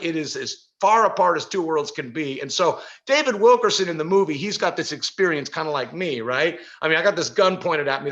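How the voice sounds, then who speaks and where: A middle-aged man telling a story at a workshop, animated, with many fillers and frequent laughs. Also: fairly high pitch, muffled recording. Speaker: workshop speaker. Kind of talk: storytelling talk. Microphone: video call.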